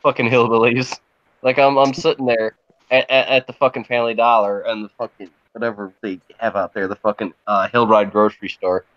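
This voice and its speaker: A man's voice: mid-range voice, level tone, a little fast, no echo. A man in casual podcast chat, swearing a lot and laughing along with his own stories. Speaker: podcast co-host. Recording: dull, dry lo-fi sound.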